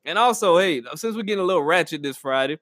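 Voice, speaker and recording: A man's voice: on the high side, fast talker, dry recording, clean studio sound. A man hosting a podcast with a casual comedic monologue, full of slang, and acted-out quotes. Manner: animated, slangy, acts out quotes with laughter. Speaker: podcast host.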